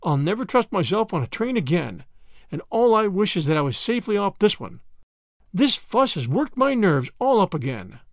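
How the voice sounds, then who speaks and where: A man's voice: high-pitched, big pitch swings, normal speed, dry recording, studio quality. A man voicing a fretful, chatty old grandmother who talks in a tremulous, anxious way. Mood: relieved.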